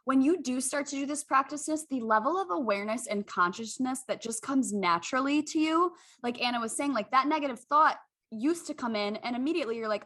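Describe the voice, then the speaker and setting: A woman's voice: sits high, expressive, fairly quick, fairly bright tone. A woman hosting a podcast, talking candidly and effusively and often speaking straight to her listeners. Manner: candid, effusive, addresses listeners as "you guys". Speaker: podcast host. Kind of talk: casual chat.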